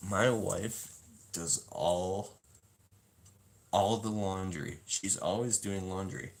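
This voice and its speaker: A man's voice: sits low, steady tone, takes it slowly, low-quality recording. A man reading from a self-help book to his viewers, then drifting into a rambling, self-mocking story with lots of swearing. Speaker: self-help video host. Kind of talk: casual reading and storytelling to camera.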